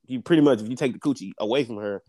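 A young man co-hosting a podcast tells a story in casual chat, talking rapid-fire in a mid-range voice. The clean studio sound has no room sound, and he's animated and profane, swearing and laughing often.

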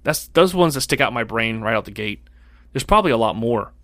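A man's voice: medium pitch, lively intonation, fast talker, a bit bright, no room sound, clean studio sound. A young man hosting a casual podcast, telling candid, profane stories from school. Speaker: podcast host. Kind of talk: casual chat.

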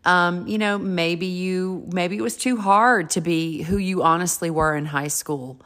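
A low-voiced woman in her fifties speaks with candor about her own life. She talks in a frank, chatty way and swears casually as she shares her story and offers advice. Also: fairly even intonation, measured pace, a bit bright. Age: 50s. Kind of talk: candid personal storytelling and advice.

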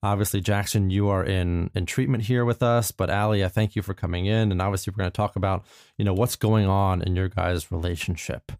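Man, therapist in a comedy sketch, earnest, rambling, lowish voice, dry sound. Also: steady tone, brisk, darkish tone, no echo. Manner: earnest, rambling, repeats himself. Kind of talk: improvised comedy scene.

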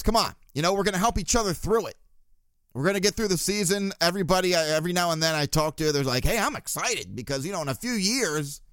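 A man's voice: sits high, no echo, studio quality. A man hosting a casual sports podcast, blunt and swearing, with chuckling asides. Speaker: podcast host.

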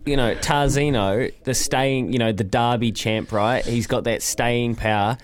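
A man's voice: medium pitch, steady tone, a little slow. A man co-hosting, chatting knowledgeably and easily about horse racing. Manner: easygoing, knowledgeable, some fillers. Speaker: radio show co-host.

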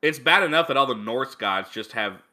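A man's voice: mid-range voice, animated, a little fast, pushed and bright. A man co-hosting a podcast in casual chat, enthusiastic and prone to long explanations. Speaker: podcast co-host.

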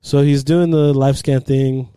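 A young man, a podcast host, recounting an awkward errand in casual chat. His voice is mellow and dark, set close and dry, and he laughs through his lines and swears freely. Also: medium pitch, fairly even intonation, unhurried, smooth, no room sound.

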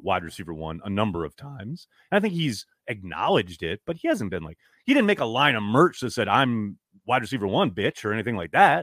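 A man's voice: on the low side, fairly bright tone, no echo, clean studio sound. A man hosting a podcast, reading out fan comments and answering them in a frank, downbeat, exasperated way, swearing freely. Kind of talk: casual live-stream chat.

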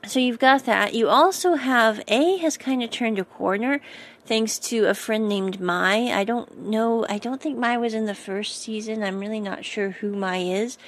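Chatty woman, slightly high voice. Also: normal speed. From United States. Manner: rambling, chatty, with frequent self-corrections. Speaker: series recap vlogger. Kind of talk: casual episode recap.

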